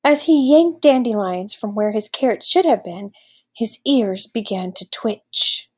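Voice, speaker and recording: A woman reading a fable aloud for children, slow and expressive. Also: mid-range voice, breathy edge. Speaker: reader. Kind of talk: storybook read-aloud.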